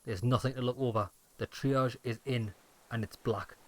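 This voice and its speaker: A man's voice: medium pitch, fairly even intonation, moderate pace, lightly acted. Brief: frail bitter old soldier-deserter, grim and clipped, read by a man in a mid-range voice.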